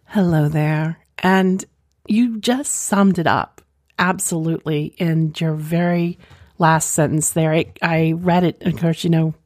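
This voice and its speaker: A woman's voice: low voice, fairly even intonation, a little slow, a little mellow, dry recording, studio quality. A woman hosting, reading listener stories and commenting on them in an affirming, rambling way. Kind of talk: casual commentary.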